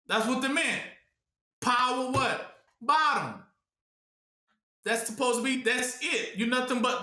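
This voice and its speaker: A man preaching to a small group with a high, bright voice that rings around an echoey room. He keeps asking questions and leaves the gap for the listeners to fill in, talking loose and conversational rather than polished. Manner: rhetorical questions, congregation fills the blank; casual, colloquial speech. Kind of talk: call-and-response teaching.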